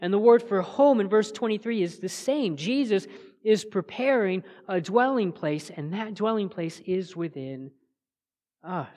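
An earnest man preaches a sermon from the pulpit. He builds to emphatic peaks, then drops to soft, quiet lines. His voice carries with a long reverb through a church sanctuary. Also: high voice, expressive, a little slow. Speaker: pastor.

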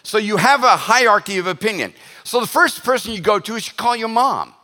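A pastor delivers a sermon to his congregation in a bright, forceful voice pitched slightly high, animated and joking, with quick voiced asides. A long church-hall reverb lingers on every phrase.

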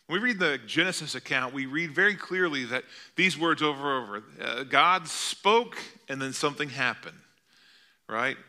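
A man's voice: mid-range voice, lively intonation, normal speed, sharp tone. A middle-aged male pastor preaching a sermon in an earnest, conversational way, asking the congregation rhetorical questions.

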